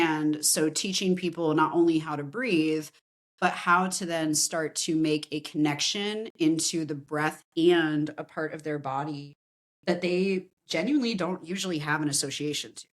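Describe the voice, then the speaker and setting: A woman's voice: deep voice, a little slow. A woman in her forties, a somatic practitioner talking in a casual podcast conversation, telling stories with acted-out quotes. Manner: animated storytelling with acted quotes.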